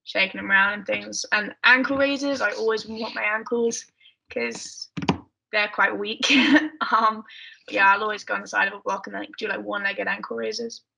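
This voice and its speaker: A woman's voice: medium pitch, fairly even intonation, normal speed, creaky, background noise. A young woman with an English accent, chatting casually as a podcast guest, mumbly with lots of fillers. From England. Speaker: guest athlete.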